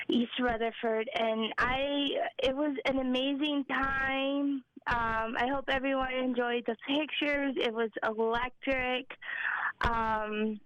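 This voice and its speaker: A woman's voice: a little high, fairly bright tone, dry recording. A woman calling in to a radio show as a devoted fan, rambling fondly with lots of fillers. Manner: gushing, rambling, fillers and restarts. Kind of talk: phone-in chat. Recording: dull phone line.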